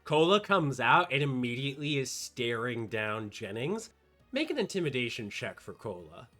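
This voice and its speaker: A man's voice: medium pitch, big pitch swings, moderate pace, fairly bright tone, soft background music. A man narrating as game master, describing scenes in a playful, descriptive way.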